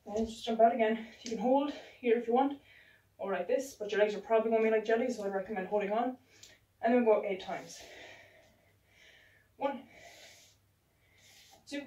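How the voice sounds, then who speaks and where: A woman's voice: on the high side, normal speed, long pauses, mellow. A woman instructing a home workout, counting reps aloud while exercising, out of breath. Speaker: fitness instructor. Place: room at home. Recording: roomy sound from a distant camera.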